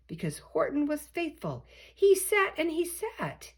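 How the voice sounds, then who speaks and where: Grandmother storyteller, slow expressive read-aloud, animated pitch. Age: older. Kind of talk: reading a picture book aloud.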